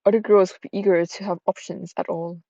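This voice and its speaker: A woman's voice: lowish voice, flat delivery, fairly quick, creaky, dark tone, no echo, dull audio. A woman voicing a stern, bitter widowed mother who scolds her grown daughter harshly. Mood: scolding.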